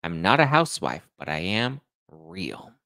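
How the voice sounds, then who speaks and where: A man's voice: deep voice, sing-song, measured pace, gravelly, bright, forceful tone, no echo. A young man hosting a podcast livestream, chatting casually and reading out viewer comments, with a slight lisp. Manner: chatty, rambling, self-deprecating. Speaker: podcast host reading live chat.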